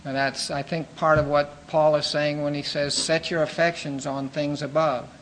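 A man preaching a sermon in an earnest, measured teaching manner, pausing with fillers and restarting phrases. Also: fairly high pitch, little pitch movement, a bit bright, a little hiss or hum, poor audio.

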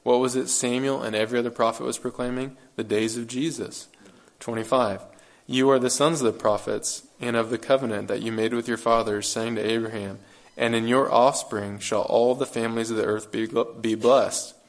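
A man's voice: medium pitch, fairly even intonation, moderate pace, hardly any pauses. A man preaching a sermon, earnest and emphatic, repeating phrases and asking his listeners rhetorical questions.

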